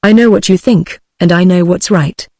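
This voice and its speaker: A text-to-speech woman's voice with a British English accent, reading the lines of a brisk, teasing male island doctor in an even tone. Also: fairly low pitch, no room sound. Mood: bluff. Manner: even synthetic reading, no character voice.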